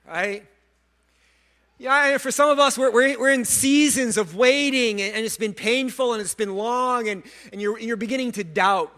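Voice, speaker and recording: A male pastor preaches a sermon at normal speed in a high, bright, ringing voice. Earnest and animated, he often stumbles over repeated words and tosses in self-mocking jokes.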